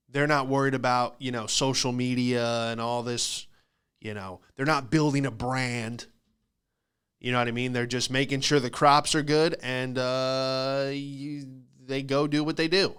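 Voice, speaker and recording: A young man with a smooth, clear voice at an ordinary middle pitch hosts a comedy podcast. He rambles through a profane story, jumping in and out of quoted dialogue with other people. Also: a bit bright.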